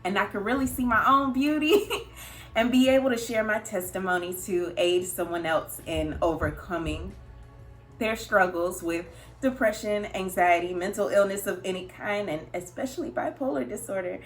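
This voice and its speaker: A young woman talks straight to camera in a candid, confessional vlog, her voice sitting at an ordinary middle pitch. She speaks in halting, rambling phrases full of fillers and small nervous laughs, earnest and emotional throughout. Faint music plays softly behind her. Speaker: vlogger.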